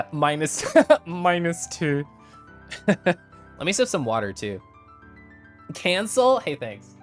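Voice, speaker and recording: A man's voice: fairly high pitch, slow pace, pauses often. Young guy streamer chatting to viewers, laughs a lot, faint music in the back. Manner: animated, laughs often, chats with viewers. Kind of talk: casual stream chat recapping a convention.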